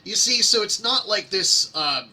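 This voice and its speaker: A man with a husky, sharp-edged voice hosts a casual screen-share, reading complaints aloud and mocking them. His delivery is sarcastic and rambling, full of ums and uhs, pitched a little high with a very bright tone. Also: expressive, unhurried. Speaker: host reading public complaints.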